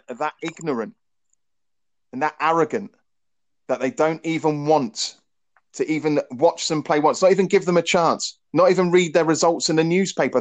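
A man co-hosting a football chat show, ranting in an animated way and repeating words as he builds up steam. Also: a little high, no echo. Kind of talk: casual podcast chat.

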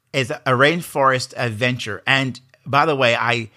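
A man's voice: medium pitch, measured pace, few pauses, bright, forceful tone. A man with a Jamaican accent hosting a motivational leadership podcast, earnest and emphatic, often asking rhetorical questions. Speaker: podcast host.

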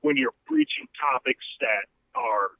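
A man co-hosts a podcast in casual chat, rambling with lots of fillers and restarts. His voice is medium-pitched with huge pitch swings, a little slow and creaky. The recording sounds like a tinny phone line with slight background noise.

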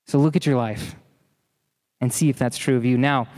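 A man's voice: mid-range voice, fairly even intonation, moderate pace, darkish tone, long reverb tail. A man preaching a sermon in an earnest, emphatic way, often repeating key phrases. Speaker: pastor.

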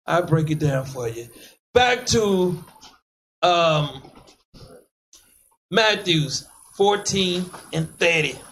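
A man preaching, commanding his reader to read on and firing back sharp questions. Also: fairly high pitch, expressive, drawn-out words, long pauses, rough recording. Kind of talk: street preaching with scripture reading.

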